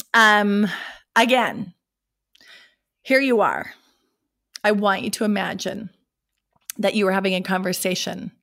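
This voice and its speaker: Middle-aged lady podcaster, voice all scratchy from a cold, animated and chatty. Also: mid-range voice. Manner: animated, laughs often, clears throat. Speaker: podcast host. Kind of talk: casual solo podcast talk.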